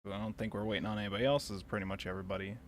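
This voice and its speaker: A woman's voice: a bass voice, steady tone, very fast, slight background noise. A woman hosting a casual book club voice call, laid-back and teasing, laughing often. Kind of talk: casual group chat on a call.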